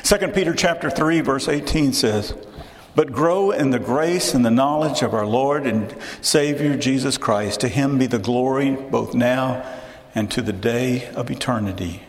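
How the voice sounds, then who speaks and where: A man's voice: mid-range voice, a little slow. Echoey man preaching a sermon. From Houston, Texas. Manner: emphatic preaching with restarts and asides. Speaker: pastor.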